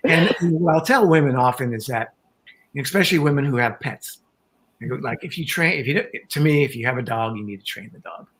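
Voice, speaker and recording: An older man calmly explaining ideas as a guest on an online panel talk. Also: medium pitch, a little fast, rough recording. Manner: calm, explanatory, with acted quotes.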